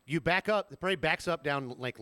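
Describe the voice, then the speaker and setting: A man co-hosting a podcast in a lively casual chat, jumping in and laughing often. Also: on the high side, no echo. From Savannah, Georgia. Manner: quick, animated talker who laughs often and jumps in. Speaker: podcast co-host.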